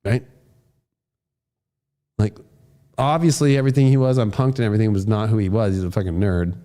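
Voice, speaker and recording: A man giving a horoscope forecast as an astrologer, casual and profane, acting out voices he quotes and bursting into shouts. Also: lowish voice, fairly even intonation, fairly quick.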